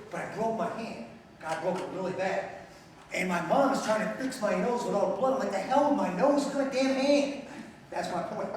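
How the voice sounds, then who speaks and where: A man's voice: sits high, a little hiss or hum. A middle-aged man giving a talk to an audience, telling stories bluntly with jokes and questions to the crowd. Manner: storytelling, blunt and joking, asks the audience questions. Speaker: speaker. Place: lecture hall. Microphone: far from the mic. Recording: very echoey hall, speaker far off.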